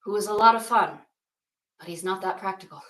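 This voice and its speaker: Bright, playful woman yoga teacher. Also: medium pitch, brisk, reverberant, recorded from a distance, low-quality recording. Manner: playful, jokey asides. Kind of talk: guided yoga class with storytelling.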